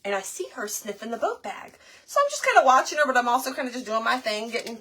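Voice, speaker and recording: A woman's voice: fairly high pitch, quick pace, husky. A woman, chatting to viewers as she crafts and tells a story. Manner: chatty, animated, talks to viewers as y'all. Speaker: craft livestream host. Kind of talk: casual storytelling while crafting.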